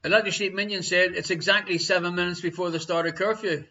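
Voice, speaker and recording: Bright-voiced Irish quiz host. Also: male voice, high-pitched, fairly even intonation. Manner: chatty, teasing, reads questions slowly twice. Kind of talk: live online quiz hosting. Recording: dull lo-fi stream audio.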